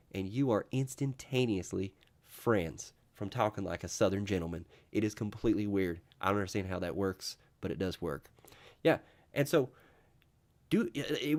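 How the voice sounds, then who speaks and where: A man's voice: on the low side, darkish tone. A young man hosting his own talk show, rambling casually with lots of fillers and restarts. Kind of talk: casual solo vlog monologue.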